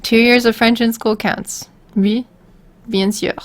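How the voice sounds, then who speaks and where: A woman's voice: fairly high pitch, fairly even intonation, slow. A woman on a casual livestream, answering viewer questions in a rambling, giggly, self-deprecating way.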